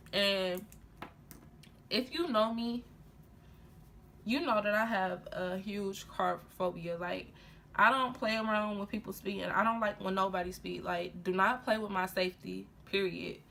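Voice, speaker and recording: Young woman with a creaky storytime voice. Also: mid-range voice, a little slow, a little hiss or hum. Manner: animated, heated retelling full of fillers and laughs. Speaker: vlogger. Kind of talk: casual storytime while getting ready.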